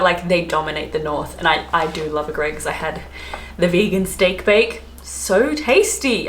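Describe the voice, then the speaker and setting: A woman's voice: fairly low pitch, fairly bright tone, slight background noise. A woman with an Australian accent, chatting casually to camera, rambling and often laughing. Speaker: travel vlogger. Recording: echoey room, faint ambience.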